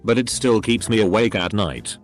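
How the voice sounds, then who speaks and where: Synthetic low male reader, lively pitch. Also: moderate pace, faint music behind. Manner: reads punctuation aloud, flat delivery of quotes. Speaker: narrator reading online posts. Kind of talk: text-to-speech reading.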